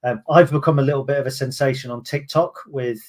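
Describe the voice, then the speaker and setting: A chatty man hosts a casual football podcast in a voice of middling pitch. He talks in a loose, self-mocking way and drops in plenty of ums between points. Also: fairly even intonation, fast talker, a little mellow. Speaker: podcast host.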